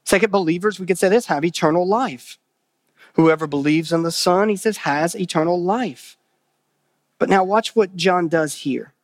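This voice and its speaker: A man with a high voice preaching a sermon in an earnest way. He repeats key phrases for emphasis and puts questions to his listeners. The sound is dry and close, with little room echo. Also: moderate pace. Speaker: pastor.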